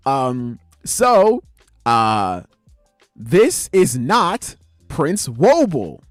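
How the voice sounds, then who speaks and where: Lively-pitched man, casual podcast host. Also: drawn-out words, no echo, studio quality, soft background music. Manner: animated, slangy, swears freely. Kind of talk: casual chat, retelling manga chapters.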